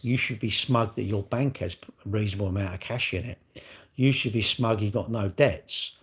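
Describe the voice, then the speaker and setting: Husky rambling British man. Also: on the low side, normal speed, a bit bright. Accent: British English. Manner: rambling, chatty, answers viewer questions aloud. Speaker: livestream host answering chat. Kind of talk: casual chat.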